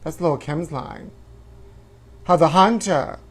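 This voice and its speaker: A man's husky voice, on the high side and slow, brings to life a self-absorbed woman hosting a trashy tabloid talk show. It's a campy comedic livestream of gossip, with him drawling "honey" at everyone and breaking into whooping shrieks.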